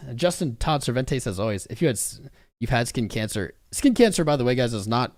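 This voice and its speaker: A man's voice: mid-range voice, big pitch swings, fairly quick, darkish tone, dry recording, clean studio sound. A man hosting a live stream, chatting casually with viewers in a rambling, frank, joking way. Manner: rambling, talks to chat viewers.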